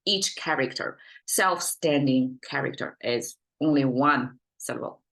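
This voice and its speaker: A middle-aged woman with a Chinese accent and a notably low voice teaches her native language in an unscripted lesson. She thinks aloud as she goes, with plenty of ums, uhs and false starts. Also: unhurried, creaky, fairly bright tone. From China. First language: Mandarin Chinese. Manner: thinks aloud with many fillers and restarts.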